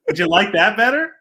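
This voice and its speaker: Man, young adult, podcast co-host, ranting sports banter, high and bright. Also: a little hiss or hum. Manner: animated ranting, swings from quiet to loud.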